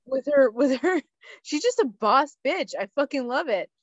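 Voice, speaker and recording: A woman's voice: high voice, lively intonation, a little slow, no echo, highs cut off. A woman co-hosting a podcast, telling stories in casual chat, swearing freely and laughing as she talks. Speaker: podcast co-host.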